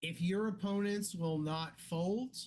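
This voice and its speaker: A man with a high voice teaches poker in loose, casual talk. He is blunt and swears freely, and he gets animated as he makes his points. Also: slow pace. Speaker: poker coach.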